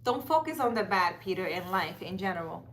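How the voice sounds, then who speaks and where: A woman's voice: fairly low pitch, big pitch swings, brisk, fairly bright tone. A woman chatting casually on a livestream outdoors in a park at night, reading out viewer comments, talking straight to viewers by name and laughing often. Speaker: livestream tarot reader.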